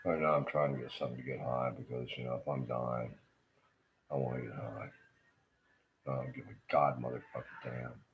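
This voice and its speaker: A man's voice: rumbling low, steady tone, normal speed, slight background noise. A middle-aged man in pain, ranting angrily and profanely in a rambling monologue.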